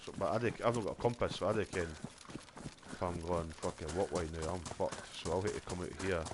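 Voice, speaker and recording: Sweary Scottish guy with a low voice. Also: fairly even intonation, a little fast, background noise. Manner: sweary, rambling storyteller. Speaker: game streamer. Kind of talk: casual chat while gaming.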